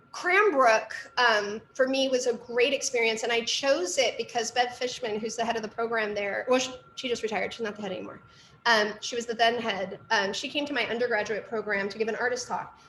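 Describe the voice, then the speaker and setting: A woman's voice: on the high side, a bit bright, reverberant, slight background noise. A middle-aged woman, an artist and art teacher, giving a casual lecture with lots of asides and fillers. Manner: chatty storytelling with fillers and asides.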